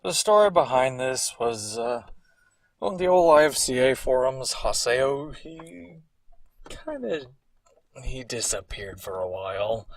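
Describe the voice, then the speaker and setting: Profane, gravelly young man commentating. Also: medium pitch, slow pace, dry recording. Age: 20s. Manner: profane, rambling and animated. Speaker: animator giving commentary on his old cartoon. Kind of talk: casual commentary.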